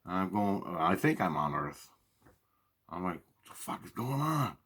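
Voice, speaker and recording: A man's voice: low voice, very animated, a little slow, fairly bright tone, breathy edge. A man telling a long, rambling monologue to camera, swearing heavily and repeating and restarting his phrases. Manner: profane, repetitive, restarts often. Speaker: vlogger.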